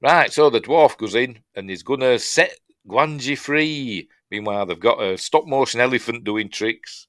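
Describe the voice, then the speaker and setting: A man's voice: medium pitch, expressive, normal speed, a bit bright, dry recording. A middle-aged man with a Yorkshire accent, chatting casually through a film breakdown, rambling with dry humour and acting out lines. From Yorkshire, England. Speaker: film reviewer.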